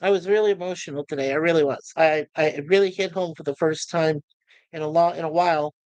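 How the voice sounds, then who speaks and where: A middle-aged man hosting his channel, talking to viewers in a halting, emotional way with many restarts and repeated words. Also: on the high side, fairly even intonation, darkish tone, dry recording, low-quality recording. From United States. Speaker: YouTube channel host. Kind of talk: emotional personal talk to viewers.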